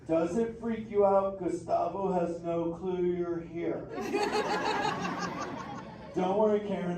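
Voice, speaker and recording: A man's voice: high voice, recorded from a distance, heavily acted. A man voicing a laid-back surfer sea turtle dude who talks in drawling surfer slang, playful and teasing the audience. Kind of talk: live interactive show character. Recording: echoey theater from afar, noisy.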